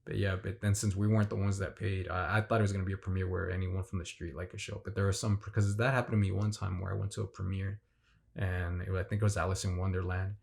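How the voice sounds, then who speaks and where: A man's voice: sits low, little pitch movement, fast talker, vocal fry, a little mellow. A man recounting a fan signing event in a rambling, enthusiastic casual vlog, full of fillers and restarts. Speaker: vlogger.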